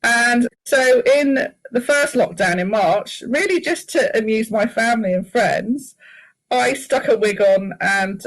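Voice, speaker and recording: A woman guest chatting in an interview, telling lively stories and laughing often. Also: mid-range voice, rough recording.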